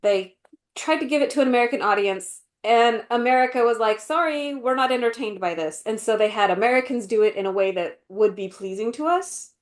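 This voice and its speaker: Animated woman chatting on a podcast. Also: fairly high pitch, fairly quick. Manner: animated, acts out quotes in voices, many fillers. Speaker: podcast co-host. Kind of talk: casual chat.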